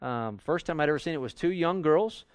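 A man's voice: on the high side, expressive, a little fast, smooth, no room sound, clean studio sound. A man teaching a Bible study class in a conversational way, acting out quoted arguments as he goes. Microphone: recorded for audio with a live class.

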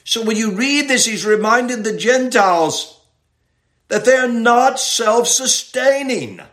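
A man teaching a Bible passage verse by verse in sermon style, reading slowly and stressing key words. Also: very high voice, fairly bright tone, roomy sound. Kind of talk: expository sermon.

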